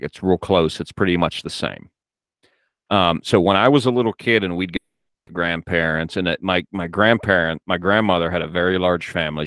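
A man's voice: deep voice, a bit bright, clean tone, dry recording. An American man hosting a podcast, reading fan mail and telling rambling stories in an easygoing way. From United States. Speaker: podcast host. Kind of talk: casual podcast chat.

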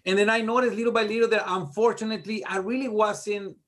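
A middle-aged man chats as an interview guest with a slightly high, lively voice. He tells his stories with animated, self-mocking humor and laughs at himself along the way. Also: quick pace. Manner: animated, self-deprecating joker. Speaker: guest music producer. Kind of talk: casual interview storytelling.

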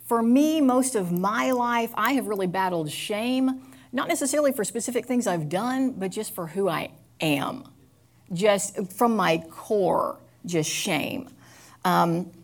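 A woman's voice: lowish voice, vocal fry. Earnest woman speaking candidly. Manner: confessional, earnest, halting with fillers. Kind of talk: candid personal talk.

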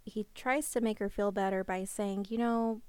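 A chatty woman co-host, animated as she retells and comments. Her voice is smooth and crisp, recorded dry and close with no room sound. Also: medium pitch, normal speed, no echo. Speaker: podcast co-host. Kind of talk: casual discussion.

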